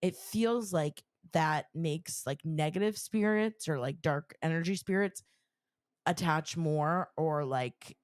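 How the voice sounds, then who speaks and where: A woman hosting a podcast, relaying a listener's story in relaxed chat with frequent fillers. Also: low voice, slow, dry recording. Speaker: podcast host.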